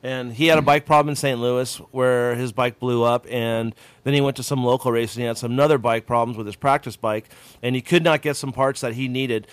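A man co-hosting a casual motocross podcast, talking bluntly and getting loud when riled. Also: mid-range voice, fairly even intonation, a little fast, clean tone, dry recording. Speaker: podcast co-host. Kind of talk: casual chat.

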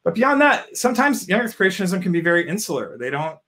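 A man's voice: sits high, big pitch swings, fast, pushed and bright. A man hosting an interview, talking in a chatty, upbeat way full of "you know" and "um" fillers. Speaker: show host. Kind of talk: casual interview chat.

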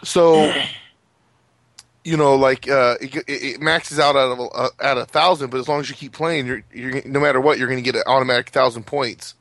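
A man's voice: medium pitch, steady tone, moderate pace, a bit bright, no echo. A man chatting casually about video games, rambling with many fillers and restarts. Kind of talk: casual gaming chat.

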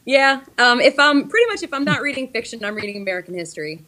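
A woman's voice: on the high side, big pitch swings, fast, bright, forceful tone. A woman in her thirties, a librarian guest speaking over a video call, with many ums and restarts. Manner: hesitant, frequent ums and restarts.

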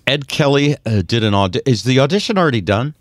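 A man hosting a casual podcast chat, chatty and teasing, quick to laugh. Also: medium pitch, animated, no room sound, studio quality. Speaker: host.

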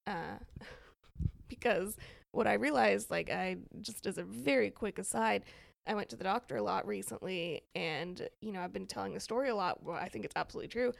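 Podcast co-host, young woman, heavy vocal fry, lively storyteller who laughs a lot. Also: mid-range voice, normal speed. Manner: animated storytelling, laughs often. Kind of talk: casual chat.

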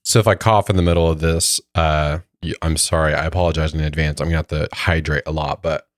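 A man co-hosting a casual chat podcast, his voice lowered by a cold, rambling through stories with lots of fillers. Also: fairly even intonation, quick pace, no echo, studio quality. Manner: rambling storytelling with many fillers. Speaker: podcast co-host.

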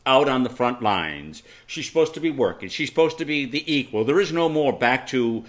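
A man hosting a talk radio show, teasing his co-host in playful banter. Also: medium pitch. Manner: teasing, animated, drawn-out.

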